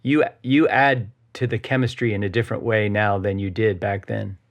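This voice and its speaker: A man's voice: fairly low pitch, steady tone, moderate pace. A man co-hosting a podcast, talking casually and rambling, with lots of fillers and little checks for agreement. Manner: rambling, loaded with fillers like "you know" and "right". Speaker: podcast co-host. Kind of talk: casual personal conversation.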